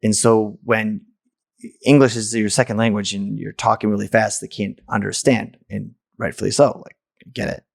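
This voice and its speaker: Gravelly low-voiced man telling a story. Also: flat delivery, moderate pace, dry recording, studio quality. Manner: candid, blunt, swears casually. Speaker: podcast host. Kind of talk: personal storytelling monologue.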